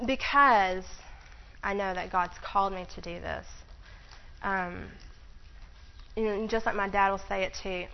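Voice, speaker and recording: A woman's voice: medium pitch, dull audio, slight background noise. A woman Bible teacher giving an informal sermon, chatty, laughing often and breaking off into asides.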